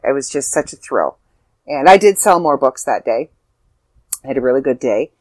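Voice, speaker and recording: A woman's voice: rumbling low, lively intonation, moderate pace, darkish tone, no echo, poor audio. An older woman, an author, telling a heartfelt personal story in a casual, rambling way with fillers and restarts.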